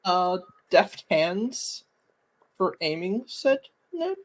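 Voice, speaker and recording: A woman describing her character's actions during a tabletop role-playing game, in quick, casual speech. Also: fairly low pitch, very animated, poor audio. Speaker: player.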